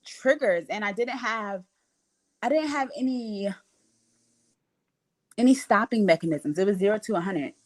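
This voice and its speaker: A young woman telling a story in casual chat, animated and acting out the voices of people she quotes. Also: mid-range voice, measured pace, pauses often, poor audio. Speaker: podcast host.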